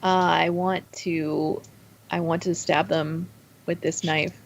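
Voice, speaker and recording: A woman playing a tabletop role-playing game, talking in a playful, halting way with many fillers. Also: lowish voice, level tone, gravelly. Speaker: player. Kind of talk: casual tabletop play.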